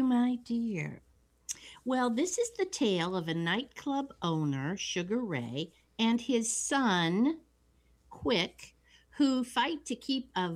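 A woman co-hosting a podcast, retelling a movie plot in a relaxed, steady way. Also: fairly low pitch. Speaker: podcast co-host. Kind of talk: casual plot recap.

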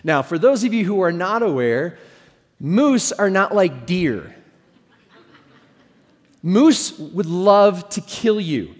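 A middle-aged man delivers a sermon in a relaxed, joking storyteller's manner, his voice sitting a little high for a man. The sound rings with a long reverb from the church hall he is preaching in. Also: slow, pauses often. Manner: conversational storytelling with humor. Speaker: pastor.

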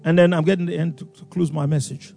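A man preaching a sermon, animated and acting out voices, with sudden loud outbursts. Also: a little high, fast talker, creaky, faint music behind. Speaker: pastor.

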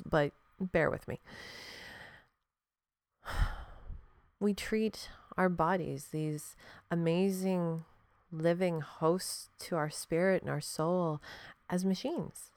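A woman's voice: low-pitched, clear, resonant tone, dry recording. Frank, profane woman hosting a podcast. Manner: frank, profane, laughs often, talks straight to the listener. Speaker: podcast host. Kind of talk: casual reflective monologue.

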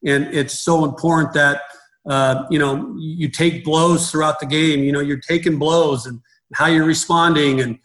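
A man's voice: a little high, fairly even intonation, normal speed, a bit bright, poor audio. A middle-aged man, a baseball coach, talking in an interview, rambling and restarting his sentences often. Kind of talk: conversational interview.

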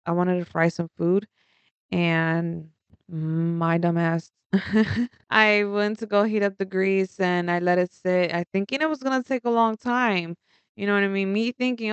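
A young woman telling a story in a casual vlog, animated and rambling, laughing often and swearing freely. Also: mid-range voice, unhurried, clean tone, no echo, highs cut off.

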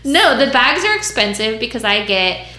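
A woman's voice: on the high side, very animated, moderate pace, bright, forceful tone. A woman who works as a mobile dog groomer, telling stories in a blunt, profane, casual way and acting out other people's voices. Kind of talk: casual storytelling chat. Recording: roomy echo.

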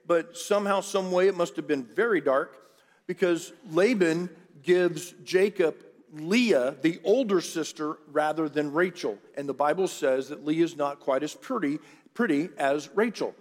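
A man's voice: on the high side, unhurried. A middle-aged male pastor telling a story as a sermon, casual and jokey, with asides to his congregation. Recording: long church hall reverb.

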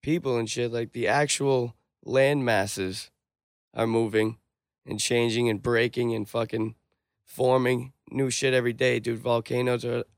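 Brief: young guy, mid pitch, animated swearing banter, dry close sound. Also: unhurried, gravelly, smooth, no room sound. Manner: excitable, heavy swearing. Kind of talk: casual chat.

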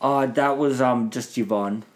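A man's voice: mid-range voice, a little slow, slight background noise, close to an everyday voice. A man improvising a pompous, mock-posh English firefighter in a comedy role-play, full of put-on toff phrases.

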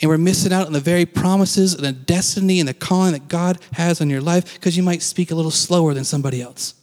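A man's voice: on the high side, quick pace, darkish tone, in a large hall. A man giving a casual, conversational sermon as a pastor, acting out quoted lines and laughing now and then.

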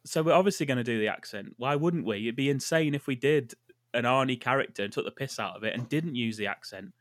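A man's voice: medium pitch, fast talker, no room sound, studio quality. A man from the UK co-hosting a film podcast, joking and bantering defensively. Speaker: podcast co-host. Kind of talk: casual chat.

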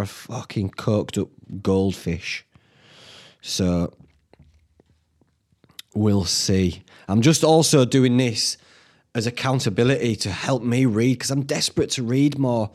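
A man's voice: mid-range voice, a little mellow. A young man, hosting a casual solo podcast from home, rambling and swearing freely. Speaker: podcast host. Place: indoors at home.

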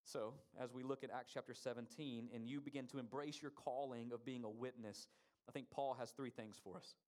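A man's voice: mid-range voice, steady tone, fairly quick, a little mellow. A man preaching a sermon, asking the congregation rhetorical questions and stressing key words. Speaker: pastor.

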